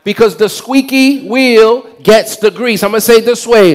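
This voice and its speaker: Pastor, male, high voice, preaching with call-and-response and shouted peaks. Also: normal speed. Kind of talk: sermon. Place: church.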